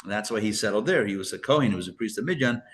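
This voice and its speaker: A man's voice: on the low side, animated, racing. A man teaching a live Torah class as a rabbi, chatty and full of fillers and restarts, with joking asides.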